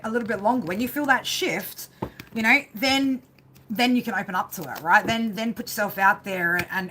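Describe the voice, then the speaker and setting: On a stream, a tarot reader with a mid-range, pushed and bright voice gives a live reading over a slight hiss or hum. Her talk is rambling, casual and profane, and nearly every phrase ends in "right?".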